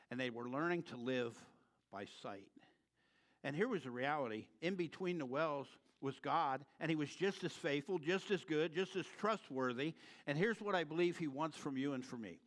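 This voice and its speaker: A male pastor preaching in a church. He speaks in a loose, conversational way, then rises into fervent emphasis. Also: fairly high pitch. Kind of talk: sermon. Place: church sanctuary.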